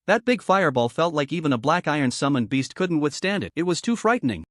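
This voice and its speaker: A man's voice: a little high, big pitch swings, fast, no echo, studio quality. A man voicing a frightened small bird creature, shaken and fearful.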